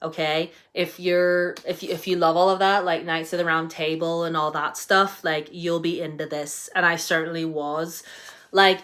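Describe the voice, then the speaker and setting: A woman's voice: on the low side, little pitch movement, moderate pace, a bit bright. A young British woman reviewing books on her channel in a casual, rambling way, full of fillers and restarts. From United Kingdom. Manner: chatty and rambling, many fillers and restarts, enthusiastic. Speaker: book vlogger. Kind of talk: casual book review chat.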